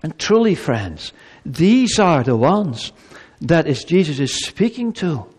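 A man preaching an evangelistic sermon in a church, pleading and impassioned, swinging between loud emphasis and hushed solemnity. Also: a little high, big pitch swings, slow pace, slightly rough, long reverb tail.

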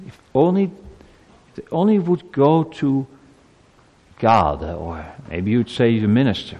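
A man's voice: mid-range voice, very animated, measured pace, big-room sound, lo-fi sound. A man giving a children's sermon, telling a story with animation and asking the children questions. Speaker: preacher.

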